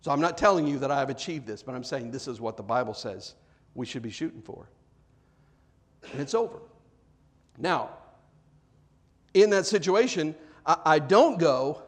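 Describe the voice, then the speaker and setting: A male pastor delivering a sermon in a fairly high voice. He swings between lively, joking bits where he acts out other people and quiet, earnest stretches when making his main point. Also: normal speed, pauses often. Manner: animated, acts out quoted voices, jokes with congregation; drops to soft, earnest tones for serious points.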